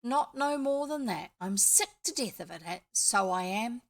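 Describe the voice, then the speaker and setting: A woman's voice: fairly high pitch, lively intonation, unhurried. A woman voicing a grumpy old male magic mole who speaks in a rustic country dialect. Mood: cross.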